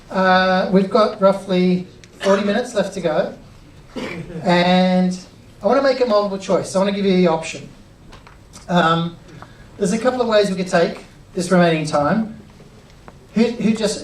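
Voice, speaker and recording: A middle-aged man giving an energetic live workshop, chatty and drawing the audience in. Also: high-pitched, a little hiss or hum. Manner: upbeat, chatty, involves the crowd. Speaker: workshop presenter. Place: cinema auditorium with audience. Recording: roomy auditorium sound from a distance.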